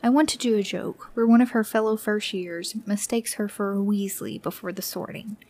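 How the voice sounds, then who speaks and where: Woman, podcast co-host, casual and wry, dry one-liners, mid-pitched voice. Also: normal speed, a little mellow, slight background noise. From United States. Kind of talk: casual chat.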